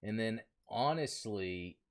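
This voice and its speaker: Guy chatting on his livestream, really lively up and down voice, dry close desk mic. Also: lowish voice, slow, no echo. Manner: chatty, greets viewers, thinks aloud. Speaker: livestream host. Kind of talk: casual livestream chat. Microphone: desk mic he talks into.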